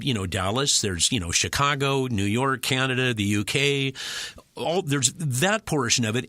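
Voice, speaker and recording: A man, a working voice-over actor, chatting in an interview and telling animated stories that slip into quick character voices. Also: mid-range voice, dry recording, studio quality. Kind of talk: casual interview chat.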